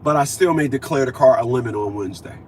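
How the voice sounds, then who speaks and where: A man's voice: mid-range voice, fast, a little mellow, slight background noise. A man in his fifties talking in a casual monologue, emphatic and repetitive, acting out conversations he had. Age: 50s. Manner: emphatic, repeats himself, acts out conversations. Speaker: vlogger.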